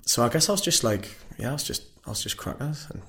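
A man's voice: medium pitch, sing-song, fast talker, vocal fry, sharp tone. A man, chatting casually about school days, rambling, swearing, and laughing often. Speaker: musician guest. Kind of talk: casual chat.

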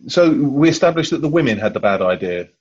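A man's voice: medium pitch, very animated, quick pace, a little mellow, slightly rough. A man on a podcast panel, talking hesitantly with many ums and chuckling along, on muffled audio. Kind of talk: casual panel chat.

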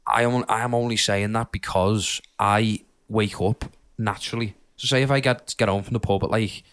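A man's voice: fairly low pitch, fairly even intonation, moderate pace, fairly bright tone, smooth. A young man with a Liverpool accent chatting casually and swearing freely on a podcast. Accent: Liverpool (Scouse). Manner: swears freely, chatty, rambling, laughs often. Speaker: podcast co-host. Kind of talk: casual chat.

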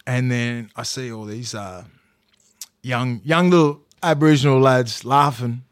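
A man's voice: medium pitch, fairly even intonation, a little slow, clean tone, no room sound, studio quality. A man co-hosting a podcast, telling stories in a casual way, swearing, restarting sentences and acting out quotes. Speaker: podcast co-host. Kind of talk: casual storytelling chat.

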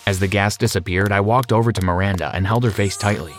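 A man narrating a scripted story in a steady, measured reading voice. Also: on the low side. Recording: music behind.

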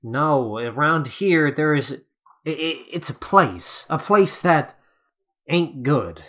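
A player voicing a stubborn, protective father who drawls and talks slowly. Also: medium pitch, expressive, a bit bright. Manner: drawling, says "ain't", slow and stubborn.

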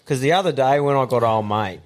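A man's voice: medium pitch, a little fast. A man hosting a podcast in casual, blunt, swearing chat. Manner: blunt, swearing, laid-back. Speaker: podcast host.

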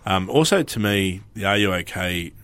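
A man's voice: deep voice, animated, unhurried, a bit bright. An Australian man in his forties hosting a podcast, chatting casually and rambling, acting out quoted phrases. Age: 40s. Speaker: podcast host. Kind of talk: casual chat.

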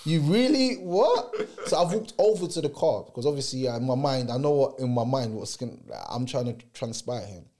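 A young man, telling a story in casual chat, expressive and acting out voices. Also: medium pitch, fairly quick, hardly any pauses. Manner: expressive, acts out voices in stories.

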